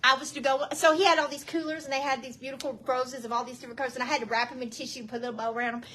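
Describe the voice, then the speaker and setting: Southern woman in her fifties, testimony speaker; very high, bright voice that swings up and down, chatty with the crowd, laughs a lot. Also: rapid-fire, slight background noise. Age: 50s. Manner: lively, laughs often, talks straight to the crowd. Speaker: guest speaker giving a testimony. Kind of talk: storytelling testimony to a church crowd.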